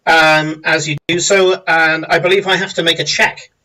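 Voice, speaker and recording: Casting: game master, man, higher, bright voice, slightly off-mic, halting explainer. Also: flat delivery, recorded from a distance, rough recording. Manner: halting, filler-heavy explaining. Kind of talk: narrating a tabletop game.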